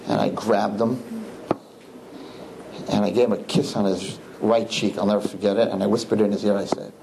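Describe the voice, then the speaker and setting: A man, a rabbi, telling his students a story in an animated, repetitive way, with Hebrew and Yiddish words mixed in. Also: on the low side, normal speed, gravelly, pauses often, background noise. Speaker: rabbi teaching a class.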